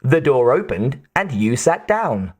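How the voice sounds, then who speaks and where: A man's voice: mid-range voice, big pitch swings, a little slow. A man voicing a cheerful, overly literal robotic mannequin cab driver in an audiobook.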